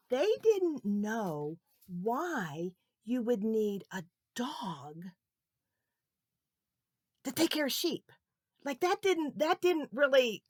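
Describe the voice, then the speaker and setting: A woman tells a children's Bible story with lots of animation, turning to ask her young listeners questions. Her voice is fairly high and swings widely. The recording is dry and close. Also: dry recording.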